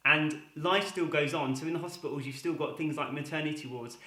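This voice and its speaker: A man's voice: on the high side, a little fast. A chatty man hosts his show and spins jokes in a slightly raised voice. His voice carries a roomy echo from a room at home. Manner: chatty, lively storyteller. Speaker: comedy show host. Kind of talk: joke telling to camera.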